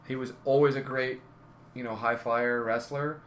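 Guy rambling thru old stories, stops and fixes himself a lot, mid pitch, a bit of room hiss behind. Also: fairly even intonation, moderate pace. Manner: rambling, self-correcting anecdotes. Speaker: wrestler telling stories. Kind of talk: casual storytelling.

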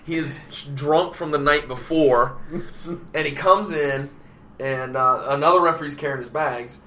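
A man's voice: a little high, normal speed, a bit bright, a little hiss or hum. A man in casual chat, telling a story animatedly and acting out the quotes.

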